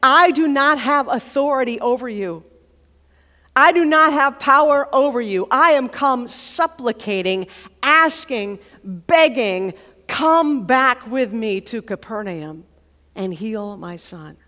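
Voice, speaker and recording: A woman's voice: on the high side, expressive, slow pace, pushed and bright, exaggerated voice. A woman voicing a pleading, desperate father. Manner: pleading, humble. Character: desperate father begging for his son. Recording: long hall reverb.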